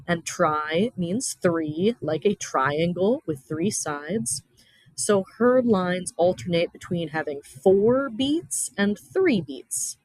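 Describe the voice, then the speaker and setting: A woman teaching a recorded lesson at an unhurried pace, walking through each idea patiently with everyday comparisons. Her voice sits close and dry with no room sound, and she leans on key terms to make them land. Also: no room sound, low-quality recording. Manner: stresses key terms by slowing down and lifting pitch. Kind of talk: recorded classroom lecture.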